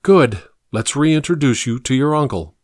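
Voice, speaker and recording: A man's voice: mid-range voice, animated, normal speed, no echo, studio quality, pitched above the performer's own voice, lightly acted. A man voicing an anxious but firm mother in an audiobook, pleading and scolding by turns. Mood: tender. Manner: pleading then stern, protective. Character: worried, firm mother, woman in her thirties.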